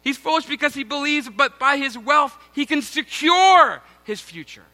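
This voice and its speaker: High, bright-voiced pastor preaching casually. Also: male voice, animated, moderate pace. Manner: self-mocking, conversational, addresses congregation as guys. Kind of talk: sermon with personal story.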